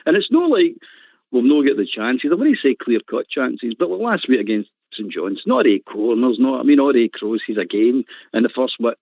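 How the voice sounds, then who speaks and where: A man's voice: medium pitch, big pitch swings, moderate pace, creaky, no echo. A Scottish man calling in to a football phone-in, ranting passionately and laughing often. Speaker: caller. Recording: tinny phone line, dry.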